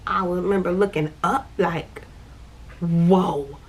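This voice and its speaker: A woman's voice: medium pitch, lively intonation, brisk, slightly rough. A woman tells a personal story, repeating phrases as she vividly recounts the moment.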